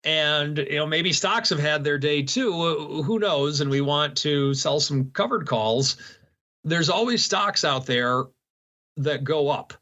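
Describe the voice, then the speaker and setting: A man with a bright, forceful voice talks through investing ideas in a folksy, casual way and leans on sports analogies. His voice sits a little high. The sound is dull and lo-fi. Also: slow. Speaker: strategy segment guest. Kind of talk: casual finance talk.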